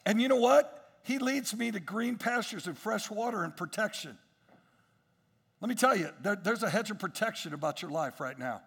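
A male pastor preaching a sermon, swinging between quiet asides and emphatic rises, with frequent repetitions and restarts. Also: high-pitched, animated, moderate pace, slightly rough, big-room sound.

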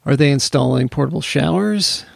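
A man's voice: a little high, lively intonation, moderate pace, vocal fry, dry recording, studio quality. A man co-hosting a podcast in casual chat, rambling and joking with the odd swear word. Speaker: podcast co-host.

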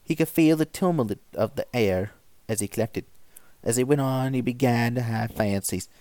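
A man reading old stories aloud with measured, even narration. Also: mid-range voice, no room sound. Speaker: story reader.

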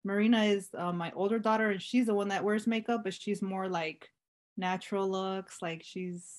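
A woman's voice: medium pitch, fairly even intonation, normal speed. A woman guest on a podcast, a business owner and mother, talking in a casual, chatty way with many "like"s. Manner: casual, says "like" a lot, warm chatty storytelling. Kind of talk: casual interview chat.

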